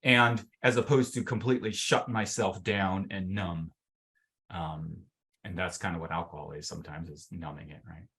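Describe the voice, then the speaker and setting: A man's voice: deep voice, fairly even intonation, normal speed, vocal fry, a bit bright. A man coaching a group on a video call, talking casually with lots of fillers and acting out inner voices. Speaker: mental fitness coach. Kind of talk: teaching a workshop session on a video call.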